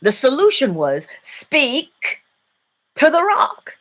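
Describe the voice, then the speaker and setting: A woman hosting a live-stream inspirational talk, preaching in an animated way and laughing often. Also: high-pitched, slow. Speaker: inspirational speaker and host.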